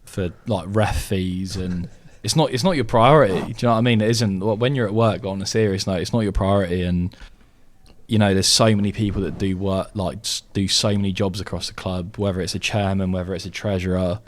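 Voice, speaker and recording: Tipsy low-voiced male co-host. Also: fairly even intonation, brisk. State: drunk. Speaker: podcast co-host. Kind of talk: casual chat.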